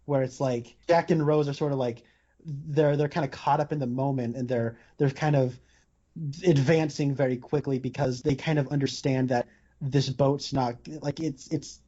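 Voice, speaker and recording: With a mellow, medium-pitched voice, a man hosts a podcast and talks casually about films. His talk rambles, full of fillers and restarts, and the recording is dull lo-fi podcast audio.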